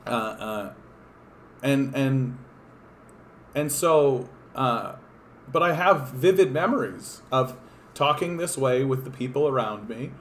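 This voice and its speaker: A man's voice: medium pitch, lively intonation, slow, long pauses, a bit bright, a little hiss or hum. A man from Canada hosting a political livestream, talking in a casual, rambling, profane and sardonic way with lots of fillers and restarts.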